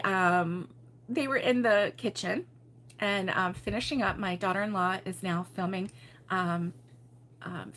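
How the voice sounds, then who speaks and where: A woman's voice: medium pitch, fairly bright tone. A middle-aged woman hosting a crochet channel, telling a story in casual live chat with viewers and laughing often.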